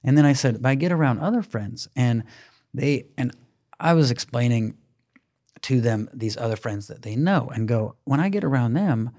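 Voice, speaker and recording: A man co-hosting a parenting podcast, telling a family story in an animated way, acting out the quoted dialogue. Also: mid-range voice, moderate pace. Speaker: podcast co-host. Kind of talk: casual parenting chat.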